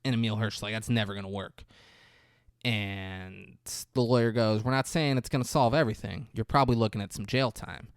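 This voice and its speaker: A man's voice: a little fast, dry recording. Male podcast host, loose profane movie recap, jumps into character voices, dry close sound. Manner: rambling, profane, acts out quotes with big pitch jumps. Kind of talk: casual movie recap chat.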